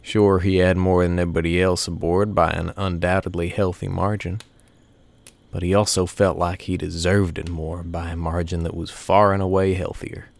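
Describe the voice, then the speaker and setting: A man tells a first-person story in an easy, folksy way. His voice is very deep and gravelly. The sound is dry and close. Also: flat delivery, normal speed, no echo.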